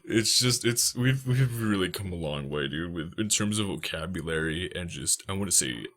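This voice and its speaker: A twenty-year-old man in casual podcast chat, swearing and laughing often, with sudden loud outbursts. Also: low voice, expressive, normal speed.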